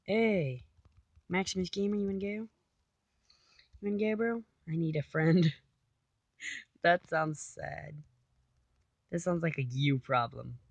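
Young woman gamer, low-pitched, dry close mic, chatty self-talk, playful repetition. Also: a little slow, gravelly, pauses often, no room sound, dull audio. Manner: chatty, self-talking, repeats silly phrases. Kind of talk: casual gameplay commentary.

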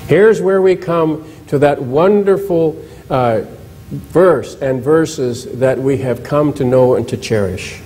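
A man's voice: fairly high pitch, slow, dark tone, slight background noise, low-quality recording. A male pastor giving a church sermon in a conversational way, asking the congregation questions and retelling scripture with dramatized quotes.

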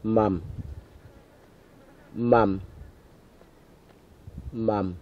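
A man with a lowish voice says each word three times, slowly and deliberately. The old field tape sounds thin and tinny, like a phone line. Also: steady tone, a little hiss or hum. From Wadeye area, Northern Territory, Australia. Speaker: language speaker repeating words. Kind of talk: slow careful word repetition for recording.

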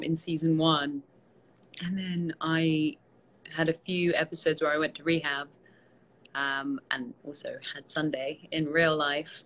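A tired British woman, an actress, chatting casually with fans on a live stream, relaxed and self-deprecating, with many fillers, speaking into a phone held at arm's length. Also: low-pitched, rough recording. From Britain. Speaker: actress hosting a fan Q&A.

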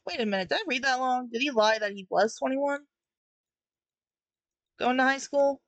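A woman's voice: high-pitched, moderate pace, dry recording. A young woman talking through a comic in a casual, critical way, often laughing between remarks. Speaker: webtoon reviewer. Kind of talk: casual commentary while reading.

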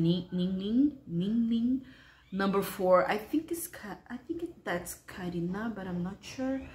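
A woman's voice: lowish voice, roomy sound. A woman hosting a reaction video, talking casually and unsure of herself, muttering guesses and often laughing.

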